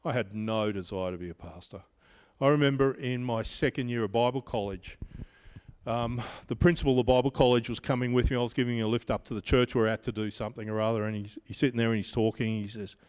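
Middle-aged pastor guy giving a sermon, steady storytelling, big echoey hall sound. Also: medium pitch, clean tone. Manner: measured, personal storytelling. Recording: long reverb of a large hall.

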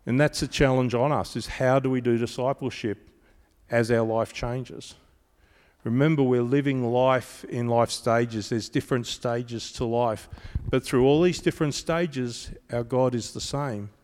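A man delivering a sermon in an animated, conversational way, telling stories to his congregation. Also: mid-range voice, a little slow. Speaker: preacher. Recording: reverberant hall.

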